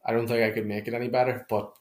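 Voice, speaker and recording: A man's voice: mid-range voice, level tone, rapid-fire, reverberant. A man in his twenties trading blunt, sweary banter as a podcast co-host. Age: 20s. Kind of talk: casual chat.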